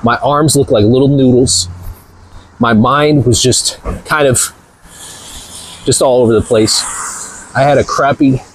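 A man's voice: mid-range voice, fairly even intonation, a little slow, pauses often, a little hiss or hum, poor audio. A man hosting a motivational vlog, talking energetically and emphatically in a rambling way, recorded at a gym on a clip-on mic. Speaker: channel host. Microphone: clip-on body mic.

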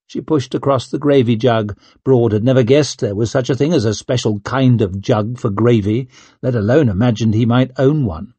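A man reading an audiobook as narrator in a measured, even manner. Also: medium pitch, breathy edge, no echo. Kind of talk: scripted narration.

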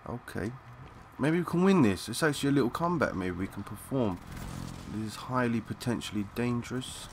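A young man giving excitable, swearing live commentary while playing a shooter, calling out to teammates in slang. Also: mid-range voice, brisk, slight background noise. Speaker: gaming channel host.

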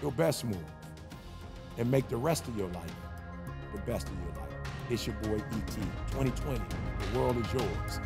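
A man's voice: mid-range voice, animated, normal speed, gravelly, big-room sound, over loud music. Rousing man giving a motivational speech. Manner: preacher-like, repeats phrases and builds to shouts. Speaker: commencement speaker.

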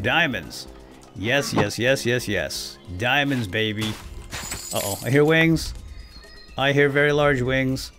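A man hosting a let's play, excitable and swinging between loud outbursts and hushed whispers as he narrates his game. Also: mid-range voice, creaky. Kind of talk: gameplay commentary.

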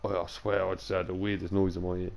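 A young man with a low, gravelly voice rambles casually to his live stream audience. He is tired and talks loose and sweary between bits of gameplay. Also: flat delivery, fast talker, darkish tone. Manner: loose, sweary banter to chat, drifting into sing-song and whispers. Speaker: game streamer.

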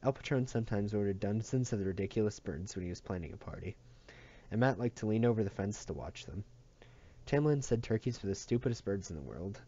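Low, mellow man reading a novel aloud. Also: lively intonation, brisk, dull audio. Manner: plain reading with slips and restarts. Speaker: audiobook reader.

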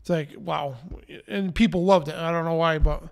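A man with a notably high voice co-hosts a talk radio show. He speaks bluntly and with strong opinions, tossing in quick asides in a casual, chatty way. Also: fairly even intonation, gravelly. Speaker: co-host.

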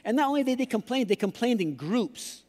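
Male pastor, playful sermon delivery with put-on voices, fairly high voice, church hall reverb. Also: sing-song, fairly quick, a little mellow.

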